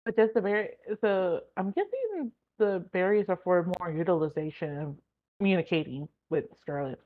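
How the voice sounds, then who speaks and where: A lower-voiced woman playing a tabletop game, her pitch swinging widely as she hesitantly thinks out loud. The audio is dull and lo-fi, like call audio. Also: expressive, normal speed. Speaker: player. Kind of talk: casual tabletop game chat.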